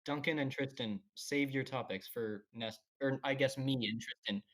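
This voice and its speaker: A young man co-hosting a casual podcast, telling stories in an animated way and laughing between words. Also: medium pitch, normal speed. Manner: animated storyteller, laughs mid-sentence. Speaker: podcast co-host. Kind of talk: casual chat.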